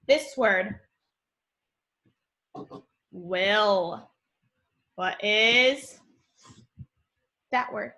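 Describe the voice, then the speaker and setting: A young woman teaching young children in a remote lesson, speaking in a slow, sing-song teacher voice. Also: on the high side, pushed and bright. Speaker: kindergarten teacher.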